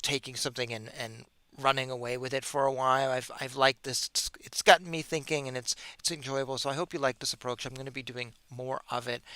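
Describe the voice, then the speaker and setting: A man's voice: mid-range voice, sharp tone, no room sound. A man hosting his own solo commentary podcast on spirituality, talking in a sarcastic, exasperated way that mocks what he is reading about. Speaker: podcast host. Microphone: webcam or computer mic.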